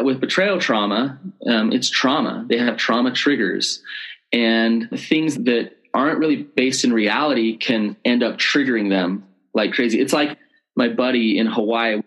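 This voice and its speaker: A man talking as the expert guest in an interview, with a voice of ordinary, middling pitch. He explains things earnestly and slips into the voices of people he is quoting. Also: a bit bright, low-quality recording. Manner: earnest, explanatory, acts out quoted speech. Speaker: betrayal trauma expert guest. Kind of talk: conversational interview.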